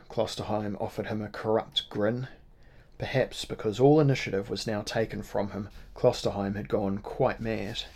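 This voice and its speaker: A man narrating a novel in a measured, dramatic reading style. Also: lowish voice, warm tone. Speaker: audiobook narrator. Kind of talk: scripted narration.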